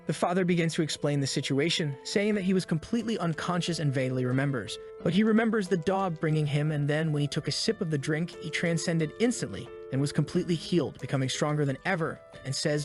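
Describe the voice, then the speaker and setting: A man narrating a story recap in a brisk, casual storytelling manner. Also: on the high side. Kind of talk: scripted narration. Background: faint music.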